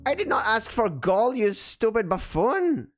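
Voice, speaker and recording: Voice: mid-range voice, very animated, unhurried, faint music behind, pitched above the performer's own voice. A game master voicing a grumpy talking gem that scolds and insults the player. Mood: scolding. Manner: scolding, calls others stupid.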